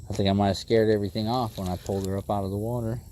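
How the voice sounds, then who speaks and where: A man livestreaming bass fishing from a boat on a lake, chatting with viewers in an easygoing way and talking excitedly to the fish as he reels it in. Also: very fast, slight background noise. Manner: excitable, talks to the fish and chat. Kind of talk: casual live commentary while fishing.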